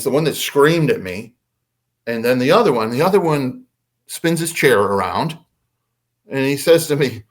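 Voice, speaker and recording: Animated man telling a story. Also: medium pitch. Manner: animated, acts out the voices in his story. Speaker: podcast guest. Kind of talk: casual storytelling.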